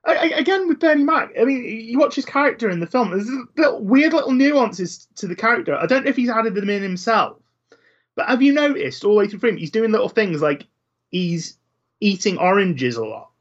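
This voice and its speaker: A man's voice: high voice, animated, brisk. Podcast co-host guy, thoughtful, bouncy voice, kinda muffled lo-fi mic. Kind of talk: casual film chat.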